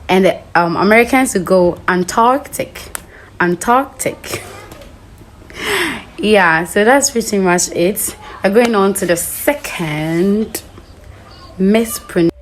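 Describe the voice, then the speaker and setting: A woman hosting an English pronunciation lesson. She speaks deliberately, spells words out letter by letter and checks that the viewer understands. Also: mid-range voice, slight background noise, low-quality recording. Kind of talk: spoken language lesson.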